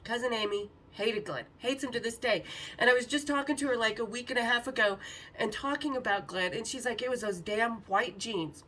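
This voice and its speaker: A woman podcast host telling a story casually, animated and profane, acting out quotes. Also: on the high side, a little fast, distant mic, a little hiss or hum, rough recording.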